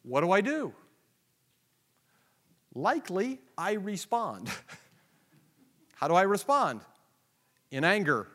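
Male preacher; sermon delivery that swings from hushed and slow to loud and emphatic. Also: high-pitched, sing-song. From United States. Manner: shifts from quiet, slow asides to loud emphatic questions; acts out dialogue and inner thoughts, laughs often.

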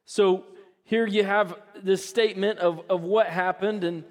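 A man's voice: sits high, fairly even intonation, unhurried, long reverb tail. A middle-aged man, a pastor, chatting through a family story with laughs before moving into prayer and scripture. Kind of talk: sermon with personal story.

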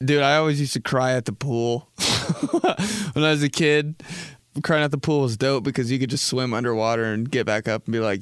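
A man's voice: mid-range voice, fairly quick, smooth, dry recording. A young man hosting a podcast, talking through a rambling comedic monologue from a studio, laughing often and calling his listeners dude and bro. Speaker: podcast host.

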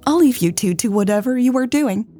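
Woman putting on a bubbly, blunt grandma for a romance audiobook; high, breathy, perky. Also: expressive, fairly quick, dark tone, faint music behind. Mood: chirpy. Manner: chirpy and blunt. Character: cheerful outspoken elderly grandmother.

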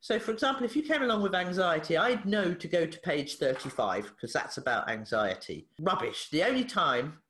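A woman, a therapist guest on a podcast, telling a story in a lively way, acting out the dialogue and laughing often. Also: fairly low pitch, fairly quick, few pauses. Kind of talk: animated storytelling in an interview. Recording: echoey room.

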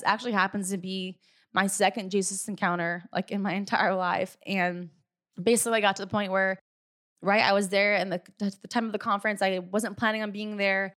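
A woman's voice: mid-range voice, steady tone, fairly quick, a bit bright. A young woman telling her viewers an earnest personal faith testimony, confiding and casual, with many asides to them. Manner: earnest and confiding, often says "you guys" and "like". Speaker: business team leader.

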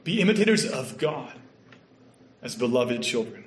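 A man from Canada with a Canadian accent, preaching a sermon with earnest storytelling that sometimes drops to a soft hush. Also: mid-range voice, big pitch swings, normal speed. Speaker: pastor. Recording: echoey room.

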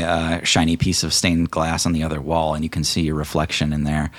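A man narrating as game master of a tabletop role-playing game, in a relaxed storytelling manner with many fillers. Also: extremely low pitch, fairly quick.

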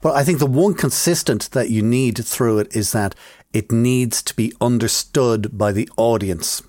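A man's voice: mid-range voice, normal speed, darkish tone, no room sound, clean studio sound. A man hosting a podcast in an easygoing way, asking leading questions and slipping into playful quoted voices. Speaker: podcast host. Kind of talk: casual podcast chat.

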